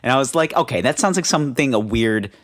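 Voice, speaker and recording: Animated joking man, lively voice. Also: medium pitch, quick pace. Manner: joking, swears freely, animated storyteller who slips into mock voices. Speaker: podcast co-host. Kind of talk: casual chat.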